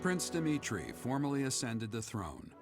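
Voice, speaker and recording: A man voicing a calm epilogue narrator in a video game, reading in a measured, formal way. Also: medium pitch. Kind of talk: scripted narration. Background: loud game music.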